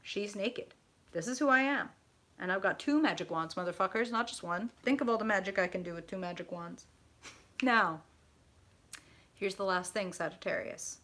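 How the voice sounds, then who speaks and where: Bright-voiced excitable woman tarot reader. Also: medium pitch. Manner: effusive, profane and excitable, addressing viewers directly. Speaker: tarot reader hosting a live stream. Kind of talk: live tarot reading chat.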